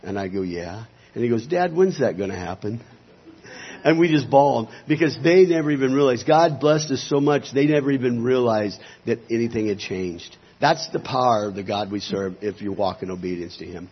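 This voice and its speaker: A man's voice: mid-range voice, brisk, husky, highs cut off. A man, a pastor, giving a testimony in a sermon and acting out the conversations he recalls. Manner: storytelling, acting out dialogue.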